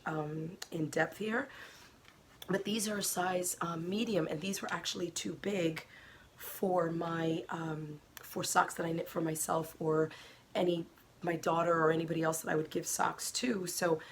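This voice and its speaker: Middle-aged woman, knitting host; low, gravelly, chatty and gushing, faint hiss behind. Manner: chatty, gushing, with fillers and soft asides. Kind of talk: casual show-and-tell chat.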